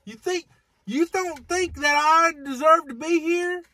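Man putting on a shrill indignant woman. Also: a little slow, bright, forceful tone, no room sound, full character voice. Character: angry drama-causing woman shouting through a window.

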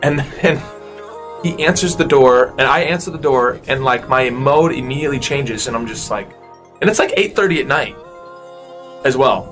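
A man casually telling a story, quoting what others said in a relaxed way. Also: mid-range voice, moderate pace, faint music behind.

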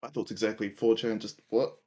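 A man's voice: fairly low pitch, little pitch movement, a little fast, darkish tone. A man chatting casually with a streamer as a friend on a call, in a laid-back, dry way. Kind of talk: casual chat.

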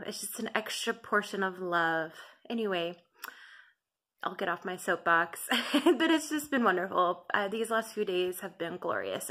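A woman's voice: medium pitch, bright, forceful tone. A woman vlogger talking in a casual, gushing and emotional way to her viewers, laughing often. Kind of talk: casual weight-loss vlog.

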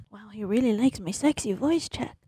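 A woman's voice: medium pitch, warm tone, breathy edge, dry recording. A woman chatting casually on a stream, giggly and flustered, brushing off praise in a self-deprecating way.

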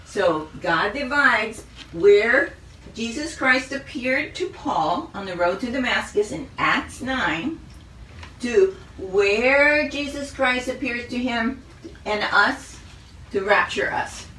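A woman teaches a Bible study at a very unhurried pace. Her voice is bright and clear, and she goes through her points one by one. The sound is echoey, as if the mic sits a little away from her in a room. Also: fairly high pitch, animated, distant mic, slight background noise. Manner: measured, reads out a list of questions.

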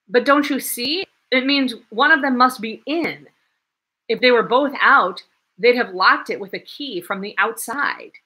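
A woman reading aloud, voicing an eager, excitable young male student who reasons quickly and insistently. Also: fairly high pitch, breathy edge, pitched above the performer's own voice, heavily acted.

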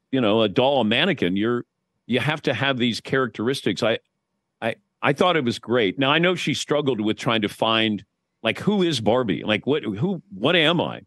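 A man's voice: medium pitch, no echo, clean studio sound. A man in casual sports chat, telling stories with energy and putting on voices when he quotes people. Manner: animated storyteller, does voices when quoting. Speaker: guest.

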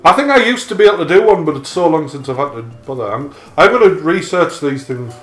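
A man swears his way through a racing game, teasing his mate and laughing often. His voice sits a little high and swings up and down a lot. The room is echoey and game music plays loudly behind him. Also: animated, fast talker. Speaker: gamer. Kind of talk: crude joking gameplay banter.

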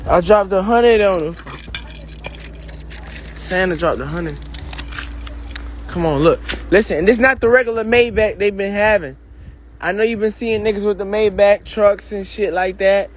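Excited high-voiced man vlogging. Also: moderate pace, pauses often, a little hiss or hum. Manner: excited, repetitive street talk. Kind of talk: casual vlog.

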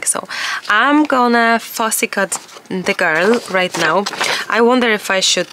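A woman in her thirties chats casually as she works on a collage, musing aloud and enthusiastic. Her voice has a gravelly morning fry. The home studio recording carries clear background noise. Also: medium pitch. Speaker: collage artist and journal vlogger. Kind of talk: casual chat while crafting.

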